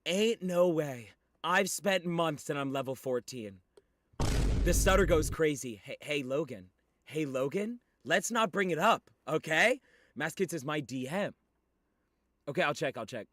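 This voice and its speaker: A young man livestreaming, chatting casually with viewers in an excitable, teasing way with sudden shouts. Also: on the high side, a little slow.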